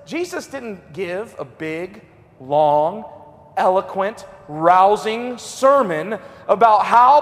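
A middle-aged man preaching a revival sermon in a church, swinging between loud and hushed. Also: sits high, big pitch swings, slow pace. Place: church sanctuary. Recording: long hall reverb.

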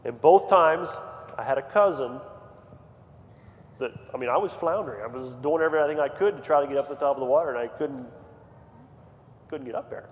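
A man preaching a sermon in a church, moving from quiet storytelling to fervent, near-shouted appeals. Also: medium pitch, a little fast, long pauses. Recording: long hall reverb, faint ambience.

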